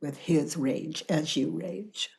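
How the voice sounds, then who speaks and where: An older woman facilitating a self-inquiry session, calm and deliberate, often dropping to a whisper. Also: sits low, vocal fry, breathy edge. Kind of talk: slow guided inquiry dialogue.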